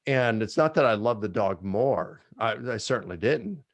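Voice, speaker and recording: Earnest man, low voice, emotional reflection. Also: expressive, moderate pace, dry recording. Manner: earnest, emotional, repeats and restarts. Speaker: panelist answering audience questions. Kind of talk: personal reflection in a Q&A.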